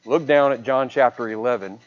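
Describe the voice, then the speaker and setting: A man preaching a sermon, retelling a scripture story with dramatic swings between a raised voice and a hushed one. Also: mid-range voice, fairly quick, highs cut off.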